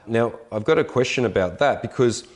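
A man's voice: medium pitch, fairly quick. A man hosting an interview, asking thoughtful, probing questions. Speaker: podcast host. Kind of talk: interview conversation.

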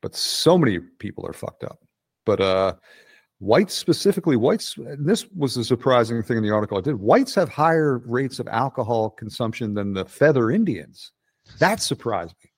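A man in his sixties from Delaware County, Pennsylvania, with a Philadelphia accent, rambles bluntly and swears often as a guest in a casual, profane interview. His husky, medium-pitched voice is animated and moderately paced, recorded in studio quality with no room sound.

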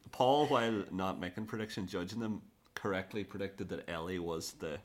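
A man's voice: sits low, normal speed. An Irish man hosting a podcast chat, joking and laughing along as he leads each segment. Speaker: podcast host. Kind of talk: casual panel chat.

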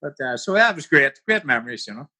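A man's voice: mid-range voice, big pitch swings, fast talker, bright, forceful tone. An older man with a Northern Irish accent, telling stories as an interview guest, rambling and full of "you know". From Northern Ireland. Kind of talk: casual storytelling.

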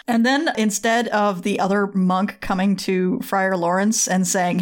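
A woman's voice: medium pitch, fairly even intonation, a little slow, hardly any pauses. A woman co-hosting a comedy podcast, summarizing with wry jokes and frequent laughter. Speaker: podcast co-host.

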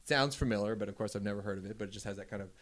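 A man's voice: lowish voice, racing, fairly bright tone. A man co-hosting a podcast, telling an anecdote in an enthusiastic, loose, casual way. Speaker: podcast co-host. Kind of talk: casual storytelling chat.

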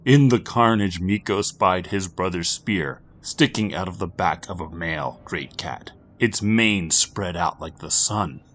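Deep-voiced man narrating a dark tale. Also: unhurried, hardly any pauses, a little hiss or hum. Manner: intense, swings between loud urgency and hushed near-whispers. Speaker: podcast narrator. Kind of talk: dramatic storytelling narration.

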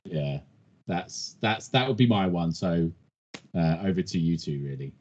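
A man co-hosting a casual hip hop podcast, chatty with quick reactions. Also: low voice, animated, a little mellow. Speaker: podcast co-host. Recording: dull lo-fi sound.

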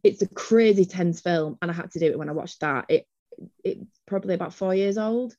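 A woman, chatting casually as a podcast co-host and telling stories in an animated, self-deprecating way. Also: on the low side, fairly quick, no echo. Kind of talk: casual chat on a call. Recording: dull, slightly lo-fi call audio.

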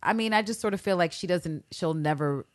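A woman with a notably low voice co-hosts a casual podcast recap. She talks in a loose, animated way, swears freely and slips into quick impressions of the characters. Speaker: podcast co-host.

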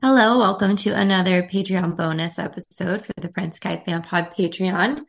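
A woman's voice: fairly low pitch, moderate pace, creaky. Scratchy-voiced woman hosting a podcast. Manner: chatty, friendly, loose phrasing with "like". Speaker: podcast host. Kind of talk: casual podcast chat.

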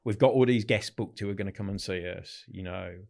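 A man with a fairly low voice talks through his old stories as a guest in a relaxed interview. He slips into the voices of people in his stories, replaying calls and chats as little scenes. His delivery is chatty and animated. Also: a little fast, vocal fry. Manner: animated anecdotes, quoting others in dialogue. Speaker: podcast guest. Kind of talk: storytelling in a casual interview.

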